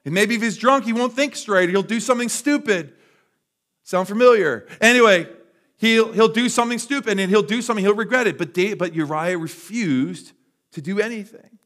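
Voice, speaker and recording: A man with a slightly raised pitch, preaching a sermon. He tells the story in a relaxed, conversational manner and often stops to restart a phrase. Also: normal speed. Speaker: pastor.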